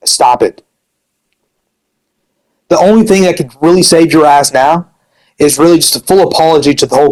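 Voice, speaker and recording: On a rough recording, a young man with a voice on the high side rants angrily about someone in his gaming community. He swears heavily and keeps saying "dude."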